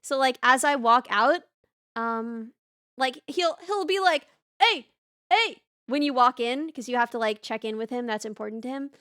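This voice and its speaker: High bright chatty young woman. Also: normal speed, clean tone, no echo, clean studio sound. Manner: rambling, chatty, frequent restarts and laughs. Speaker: streamer. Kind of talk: casual chat reading live chat.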